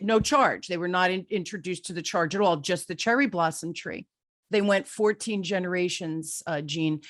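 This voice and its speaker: A woman's voice: on the low side, dry recording, clean studio sound. A woman hosting a podcast interview, telling stories with enthusiasm and exclaiming freely. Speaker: podcast host. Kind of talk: casual interview chat.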